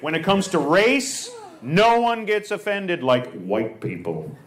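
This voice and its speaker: A man's voice: high voice, sing-song, slow. A man doing stand-up comedy with crowd work on stage, talking in a blunt, teasing and provocative way. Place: stage before a live audience. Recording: loud background noise.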